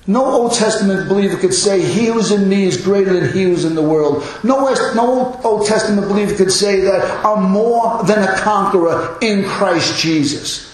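A fifty-something man with a fairly high voice delivers an earnest sermon. He presses his points with insistent repetition. The room is strongly echoey around him. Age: 50s. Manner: earnest, emphatic, repeats phrases for effect. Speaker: pastor. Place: church hall.

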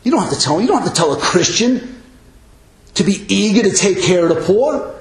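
Pastor, male, high-pitched, forceful emphatic sermon delivery in a roomy church. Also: animated, a little fast. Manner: forceful, emphatic preaching with big pitch swings. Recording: echoey church hall.

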